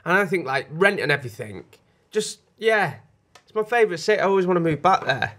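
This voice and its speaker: A man's voice: sits high, expressive, brisk, a bit bright. A man from North West England co-hosting a casual podcast, teasing his co-host with cheeky, sweary banter.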